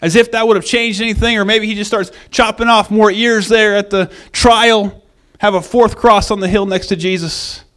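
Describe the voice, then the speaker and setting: A man preaching a conversational sermon in an animated way, acting out the quoted lines. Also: high voice, moderate pace.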